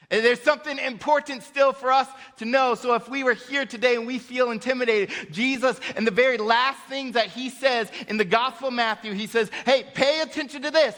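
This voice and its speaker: A man preaching a sermon as pastor, emphatic, rising and dropping sharply in pitch and volume, with light laughs between points. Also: pushed and bright, big-room sound. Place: church sanctuary.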